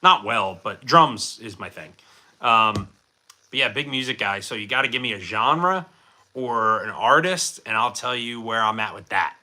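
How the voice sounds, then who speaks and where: With a lowish, expressive voice that's bright and forceful, a livestream host talks at a moderate pace. He answers viewer chat in a rambling, jokey, self-deprecating way, full of fillers.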